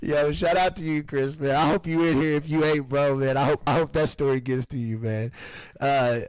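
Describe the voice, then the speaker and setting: A man hosting a casual live-streamed podcast, telling stories with laughs and shouting out commenters. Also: fairly high pitch, steady tone, moderate pace, clear, resonant tone, dry recording, poor audio. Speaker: podcast host.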